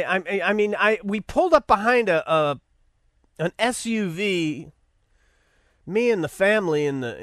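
Sarcastic high-voiced male podcast host. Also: fairly bright tone, no room sound, studio quality. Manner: mocking, rambling asides. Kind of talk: sarcastic political commentary.

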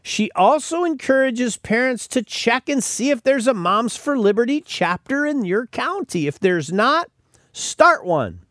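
A man's voice: very high voice, very animated, a little slow, fairly bright tone, no echo, studio quality. A man hosting a podcast, delivering emphatic opinionated commentary and often repeating words as he starts sentences. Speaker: podcast host.

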